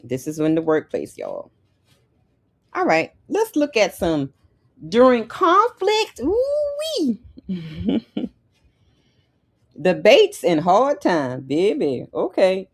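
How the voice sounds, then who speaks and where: Woman w/ giving pep talk to the ladies, lowish voice, says things twice for emphasis. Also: wildly swooping pitch, takes it slowly. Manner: emphatic, repeats key lines, sassy asides. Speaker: lifestyle podcast host. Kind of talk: motivational talk to women.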